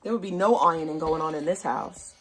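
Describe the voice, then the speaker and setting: A woman's voice: low voice, brisk, a bit bright, slight background noise. A woman, ranting bluntly and profanely to her stream chat. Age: 30s. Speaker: livestream host. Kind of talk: casual rant to stream chat.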